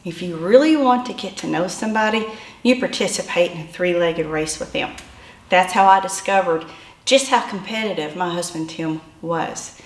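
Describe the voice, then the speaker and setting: A woman in her fifties telling a humorous personal story in an animated, self-deprecating way. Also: on the low side, normal speed. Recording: echoey room.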